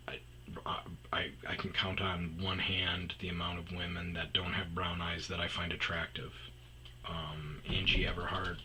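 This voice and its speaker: A man's voice: low voice, sharp tone, a little hiss or hum, rough recording. A man hosting a podcast, rambling through a personal story and trailing off into mumbles. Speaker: podcast host.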